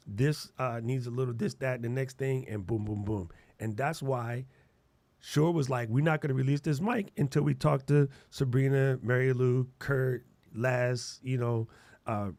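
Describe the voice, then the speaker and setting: A middle-aged man talking casually as a podcast co-host, his voice sitting in the middle of the usual range. He is animated and playful, with plenty of slang. The sound is close and dry, with no room. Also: mid-range voice, no echo.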